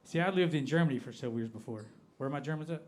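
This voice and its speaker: Doing stand-up in a comedy club, a man with an Appalachian American accent from Appalachia, United States, keeps a deadpan tone. He slows down on every punchline, and his voice sits a little high for a man.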